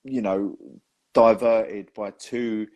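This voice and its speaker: A man's voice: fairly low pitch, fairly even intonation, slow pace, darkish tone. A young man hosting a casual chat, telling stories with plenty of laughs and friendly "mate"s. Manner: chatty storyteller, laughs often, says "mate". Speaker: host and magician.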